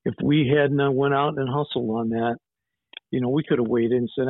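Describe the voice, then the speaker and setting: A man's voice: mid-range voice, little pitch movement, moderate pace, no room sound. A man in his sixties, a private investigator, telling case stories in a blunt, rambling way. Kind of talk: casual interview storytelling. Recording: tinny phone-like line, dry.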